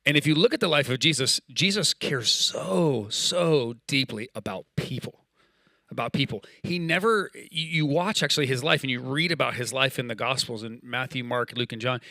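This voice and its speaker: A man in his thirties gives a relaxed, conversational sermon with a bright, forceful tone. He tells stories and slips into quoted dialogue. The sound is dry and close. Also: mid-range voice, normal speed, no room sound. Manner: casual, storytelling, acts out quoted dialogue. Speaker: pastor. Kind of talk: sermon with personal story.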